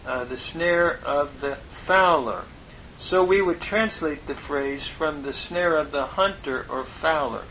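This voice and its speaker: A man giving a slow, measured Bible lesson, parsing Hebrew grammar word by word. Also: fairly high pitch, fairly bright tone, slight background noise, low-quality recording. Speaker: Bible teacher.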